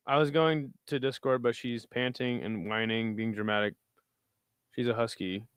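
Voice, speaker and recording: Man, livestream host, casual fight-pick chat, rambling, swears a lot, smooth clean voice, dry close sound. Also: mid-range voice, steady tone, moderate pace, a bit bright, no echo. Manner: loose, profane, rambling. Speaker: host reading live chat.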